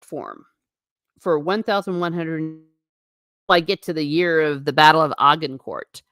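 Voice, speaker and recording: A woman's voice: low voice, steady tone, measured pace, fairly bright tone, dry recording, studio quality. A woman hosting her own channel, musing alone in her living room in a chatty, rambling way with sarcastic asides. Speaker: channel host. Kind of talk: casual solo musing.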